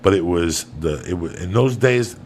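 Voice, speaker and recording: A man's voice: low voice, expressive, moderate pace, a little mellow, a little hiss or hum. A man, a comedian and podcast host, telling a long profane story in a rambling, loose way.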